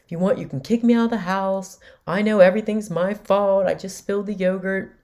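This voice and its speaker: A woman voicing her upset young adult son, dramatic and self-pitying, a bit higher than her usual voice. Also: steady tone, a little fast, darkish tone, lightly acted.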